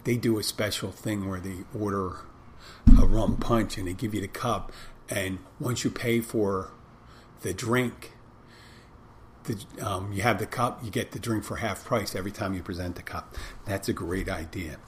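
A man with a Florida Keys accent and a fairly low voice talks on his podcast in a loose, rambling way, often breaking off and restarting his sentences. A faint hiss of background noise sits under the recording. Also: fairly even intonation, moderate pace. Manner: rambling, conversational, frequent restarts; swears casually. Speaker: podcast host and bartender. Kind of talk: casual podcast monologue.

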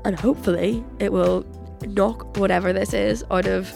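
A 21-year-old woman with a cold, chatting in a rambling solo podcast monologue full of "like", her voice croaky. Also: mid-range voice, fairly even intonation, normal speed, over music. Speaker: podcast host. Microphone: podcast microphone.

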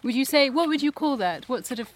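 A woman's voice: high voice, lively intonation, fast, a little hiss or hum. A woman co-hosting a podcast in a garden, asking questions in a casual chat. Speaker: podcast co-host. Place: outdoors in a garden.

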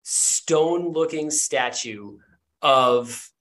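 A man's voice: medium pitch, drawn-out words, fairly bright tone. Brief: a man in a middle register, a loose and rambling tabletop game narrator. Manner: rambling, full of ums and likes. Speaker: game master.

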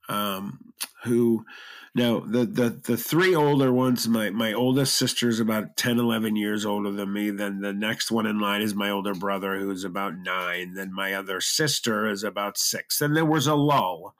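Earnest man, lowish voice, choked up. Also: a little slow. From half Lebanese, half German Irish heritage. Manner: earnest, emotional, many restarts. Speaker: guest telling his story. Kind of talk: personal storytelling interview.

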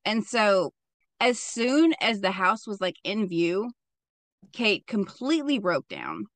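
A woman's voice: mid-range voice, very animated, slow pace, a bit bright, no echo. Young female podcast host, casual true-crime storyteller, swears freely, dry close-up sound. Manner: chatty and profane, with frequent "like" fillers.

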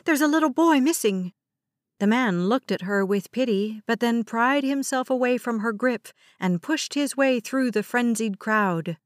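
Casting: slow, measured woman audiobook narrator, fairly high voice, dry close sound. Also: no echo. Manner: measured, dramatic storytelling. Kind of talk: scripted narration.

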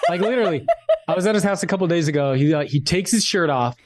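A man guest on a podcast, telling a personal story in a candid, animated way and swearing freely. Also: fairly high pitch, fast, noisy background. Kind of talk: casual storytelling interview.

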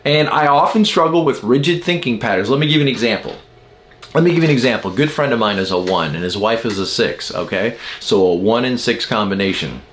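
A man's voice: mid-range voice, lively intonation, quick pace, a bit bright, a little hiss or hum. Guy podcast host just chatting, explains stuff with little stories, pokes fun at himself. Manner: chatty, self-deprecating, acts out quoted people. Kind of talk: casual teaching monologue.

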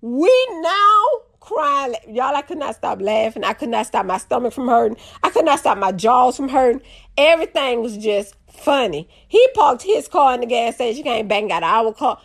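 A young woman, telling a funny story to her viewers in a lively, casual way. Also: on the high side, normal speed, creaky. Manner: animated, drawling, addresses audience as y'all.

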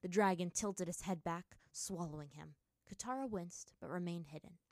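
A woman's voice: fairly low pitch, moderate pace, darkish tone, no echo. Woman narrating a story, dry sound. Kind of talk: reading fan fiction aloud.

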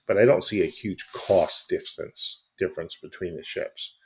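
A man's voice: low-pitched, moderate pace, a little mellow. A man co-hosting a casual podcast, rambling and self-mocking as he talks. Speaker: podcast co-host.

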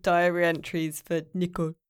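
Smooth-voiced woman hosting a podcast. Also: on the low side, completely flat delivery, dry recording, clean studio sound. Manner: playful, teasing, quick to laugh along. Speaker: podcast host. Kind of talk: casual podcast chat.

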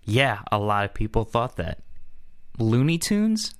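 A man's voice: mid-range voice, very animated, measured pace, clear, resonant tone. A man hosting a casual podcast chat, asking quiz questions and often restarting his sentences. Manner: quizzing, restarts mid-sentence. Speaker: podcast host quizzing co-host.

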